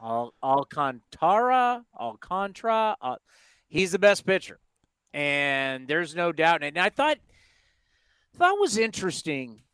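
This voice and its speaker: A man's voice: on the high side, very animated, slow, long pauses, bright, forceful tone, clean tone, no room sound. A man hosting a baseball talk show, talking casually and emphatically, firing off rhetorical questions. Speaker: sports talk show host.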